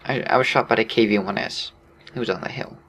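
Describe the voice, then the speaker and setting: Gravelly male game commentator. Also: on the low side, quick pace, slight background noise. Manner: relaxed, laughs often, explains his moves. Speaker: gameplay commentator. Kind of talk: casual gameplay commentary.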